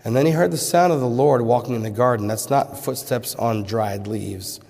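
A man's voice: medium pitch, normal speed, creaky. Emphatic male preacher in a reverberant hall. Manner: emphatic, swinging from loud rhetorical questions to hushed pleas. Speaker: pastor. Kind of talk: sermon. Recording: long reverb of a large hall.

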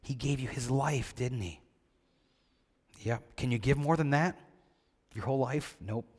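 A man's voice: medium pitch, a little mellow, breathy edge. Man giving a children's sermon in a reverberant hall. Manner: asks the children questions and answers them himself; slow and deliberate on key points. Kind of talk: scripture reading and children's sermon.

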